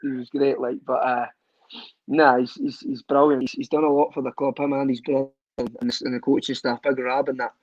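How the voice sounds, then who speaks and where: A Scottish man, a footballer guest, telling lively, profane stories in a casual podcast chat. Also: medium pitch, fairly quick, no room sound, lo-fi sound. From Scotland. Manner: lively storyteller, swears, laughs often.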